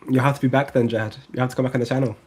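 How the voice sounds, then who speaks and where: A man's voice: medium pitch, steady tone, very fast, a little mellow, husky. A man co-hosting a casual chat, planning aloud in a loose way and trailing off mid-sentence.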